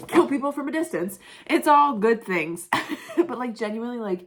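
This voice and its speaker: A young woman vlogging casually about a book she just finished, emotional and swearing freely, laughing often. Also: mid-range voice. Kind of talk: casual vlog chat.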